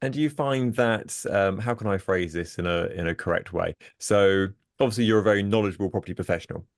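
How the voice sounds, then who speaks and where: A man with a very deep voice talks fast as he hosts the interview. He rambles through his questions with a self-deprecating streak, and the sound is dry and close. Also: no room sound. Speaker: podcast host. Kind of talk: casual interview chat.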